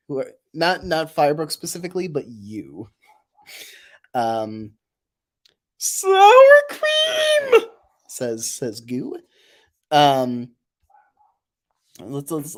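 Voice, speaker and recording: Slow, lively-pitched woman streaming casually. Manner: rambling, self-deprecating, giggly. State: voice tired from overuse. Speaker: streamer and voice actor. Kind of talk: casual live-stream chat.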